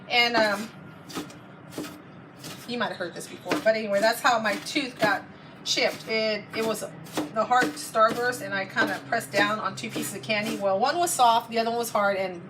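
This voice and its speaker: A chatty woman with a drawl and a fairly high voice tells a long, meandering story, stopping to correct herself and laughing along the way. She sounds like she is some distance from the mic, and clear background noise runs underneath. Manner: rambling, self-correcting, laughs often. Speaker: vlogger. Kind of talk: casual chatty storytelling to viewers. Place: home kitchen. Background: kitchen sounds while cooking.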